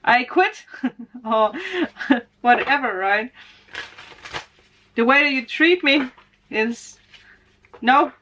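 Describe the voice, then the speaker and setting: A woman's voice: a little high, drawn-out words, long pauses, a bit bright, lo-fi sound, a little hiss or hum. A woman doing a casual tarot reading vlog for her viewers, talking to them directly, emotional and laughing often. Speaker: spiritual tarot reader.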